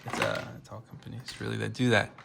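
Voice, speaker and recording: A man from the United States talks in a loose, rambling vlog, cutting himself off mid-thought and joking. His voice sits a little low with a gravelly rasp. A faint hiss of noise runs under the recording. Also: level tone, quick pace. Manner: rambling, self-interrupting, jokey. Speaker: vlogger.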